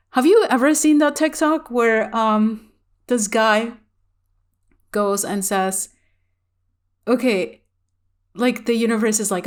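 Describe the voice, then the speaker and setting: A woman talks straight to the camera in a loose, candid vlog style. Her voice sits in an ordinary middle pitch, and she rambles through her story with plenty of fillers and laughter. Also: a little slow. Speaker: spiritual vlogger.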